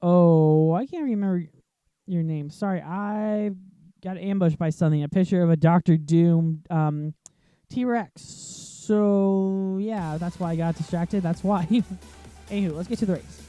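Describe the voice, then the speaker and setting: A man's voice: high-pitched, a little slow, mellow, smooth, no room sound, faint music behind. A man hosting a casual let's-play commentary, rambling and chatty, easily sidetracked, filling gaps with lots of ums. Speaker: gaming channel host.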